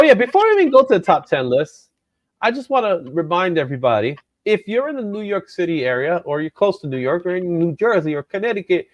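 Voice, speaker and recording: A man hosts a comic book show in a relaxed, joking way and laughs easily. His voice sits a little high and swings up and down a lot. The sound is close and dry. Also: no echo. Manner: lively, loose and joking, laughs often. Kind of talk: casual chat.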